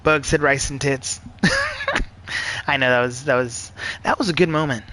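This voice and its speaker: Brief: man live-streaming a racing game, slightly high voice, animated, profane chatter. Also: measured pace, low-quality recording. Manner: profane, excitable, rambling. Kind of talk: live gameplay commentary.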